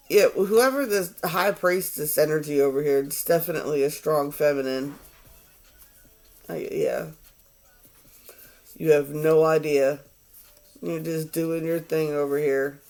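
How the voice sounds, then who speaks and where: A man in his forties with a slightly high, gravelly voice gives a casual tarot reading. He rambles, swears, and sounds exasperated as he goes.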